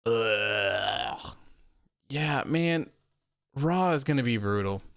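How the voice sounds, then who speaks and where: A young man hosting a wrestling post-show livestream, chatting casually with a rambling, relaxed manner and reading out viewer comments. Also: medium pitch, very slow, creaky, dry recording, clean studio sound. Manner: rambling and relaxed, many fillers and repeats.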